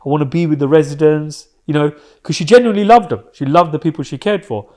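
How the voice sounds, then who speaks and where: A man's voice: a little high, fast, a little mellow. A man, a podcast guest telling an emotional personal story in a candid, slangy way with some swearing.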